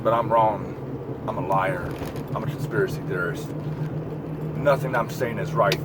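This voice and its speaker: A man's voice: on the low side, normal speed. A man delivering a profane political rant, lecturing the listener directly and swearing freely. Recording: outdoor traffic noise behind voice.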